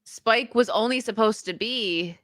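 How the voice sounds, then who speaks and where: A woman hosting a casual podcast chat, telling animated stories and laughing often. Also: fairly high pitch, measured pace, no room sound, clean studio sound. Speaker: host.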